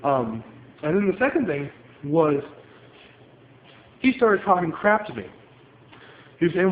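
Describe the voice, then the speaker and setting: The tinny, phone-like recording, with room echo and faint hiss, captures a man pacing at home in an angry, profane rant. A card game player venting on video, he speaks in a slightly high, sing-song voice, unhurried and pausing often.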